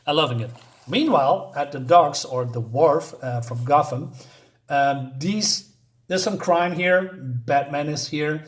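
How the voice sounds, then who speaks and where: A man with a fairly high voice talks through a comic issue in a casual, unscripted way. He hesitates a lot, fills gaps with ums and uhs, and stops to correct himself. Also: unhurried. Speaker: comic book reviewer.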